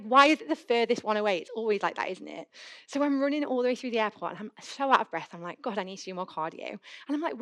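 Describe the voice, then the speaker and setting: A woman's voice: on the high side, fairly bright tone. A young woman giving a conference talk in a hall, telling chatty personal stories and acting out her own thoughts. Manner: chatty, storytelling, acts out her own inner voice. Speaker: conference speaker.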